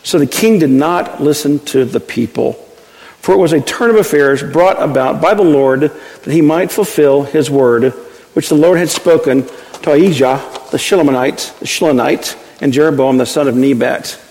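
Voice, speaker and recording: A man's voice: on the high side, moderate pace, darkish tone. Man, pastor, sermon, folksy storyteller, long hall reverb. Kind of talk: sermon with scripture reading.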